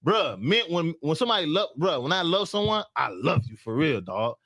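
A man argues his point in a casual podcast chat, loud and insistent, hammering the same lines again and again. His voice sits a little high and jumps around a lot. The sound is close and dry. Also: sing-song, a little fast, dry recording. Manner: loud, insistent, repeats himself. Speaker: podcast guest.

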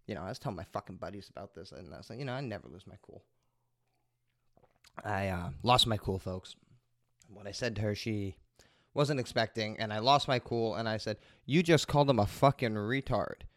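A man's voice: fairly low pitch, fairly quick, long pauses, a bit bright, dry recording. Dude ranting on his podcast, swears constantly, meanders, dry close mic. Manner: profane, rambling storyteller. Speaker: podcast host. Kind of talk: casual rambling monologue.

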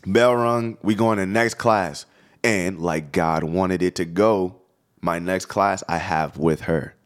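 A young man co-hosting a podcast, telling a high school story in a casual, profane, animated way. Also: slow. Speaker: podcast co-host.

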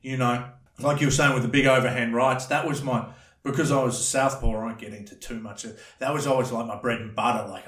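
An Australian man tells stories in a loose, rambling way, blunt and heavy on slang. His voice sits in an ordinary middle pitch. The room around him gives the sound a clear echo. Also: brisk, a bit bright. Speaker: podcast guest, former bouncer. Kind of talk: casual storytelling chat. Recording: roomy echo.

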